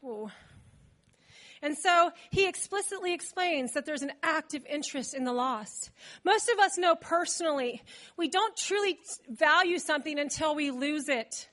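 A woman delivers a sermon in a very high, bright voice. Her preaching is chatty and animated, full of asides put straight to the congregation. She sounds like a pastor talking with her people rather than reading at them. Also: moderate pace.

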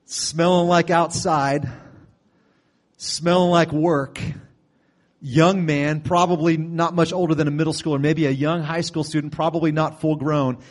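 Casual, animated male preacher. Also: fairly high pitch, unhurried. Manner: conversational storytelling with sudden loud bursts. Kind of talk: sermon.

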